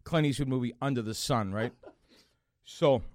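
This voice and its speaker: A middle-aged man with a Boston accent, an actor guest in a casual interview, telling animated stories with frequent laughs and lots of "you know". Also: medium pitch, moderate pace, no echo, clean studio sound.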